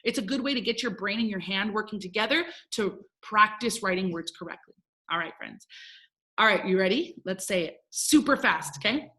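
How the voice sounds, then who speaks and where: A woman's voice: mid-range voice, expressive, a little fast, sharp tone. A woman teaching a first grade phonics lesson, upbeat and encouraging as she talks to young children. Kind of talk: recorded remote phonics lesson.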